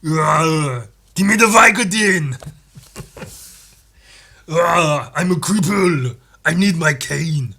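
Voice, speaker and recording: A man doing a gruff, growling impression of a musclebound action star playing a doctor, grunting and shouting his lines. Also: a little high, animated, slow pace, long pauses, voice pushed up, exaggerated voice.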